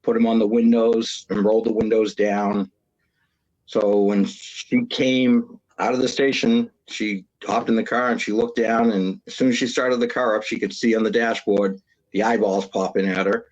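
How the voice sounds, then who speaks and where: Animated man telling a cop story. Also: on the low side, normal speed, muffled recording. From Massachusetts. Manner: animated storyteller who acts out the voices of others. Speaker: retired police officer guest. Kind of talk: storytelling on a podcast.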